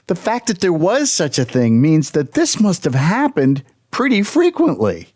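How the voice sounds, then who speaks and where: A man co-hosting a podcast, chatting casually in an animated, self-deprecating way. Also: fairly high pitch, unhurried, no echo, studio quality. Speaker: podcast co-host. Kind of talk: casual chat.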